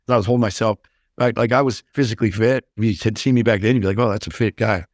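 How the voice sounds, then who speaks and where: Blunt, intense man with a low voice. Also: steady tone, fast, dry recording, clean studio sound. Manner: intense, blunt, swears freely. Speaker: podcast guest. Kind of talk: candid interview talk.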